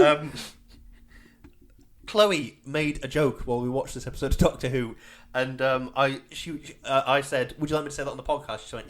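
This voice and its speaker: A man's voice: mid-range voice, measured pace, long pauses, background noise. A man co-hosting a podcast in casual chat, chatty and given to laughing asides. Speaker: podcast co-host.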